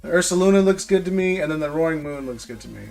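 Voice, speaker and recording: A man's voice: fairly high pitch, expressive, quick pace, gravelly, darkish tone, soft background music. A young man hosting a casual livestream, rambling and ranting, often repeating his words. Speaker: live stream host opening card packs.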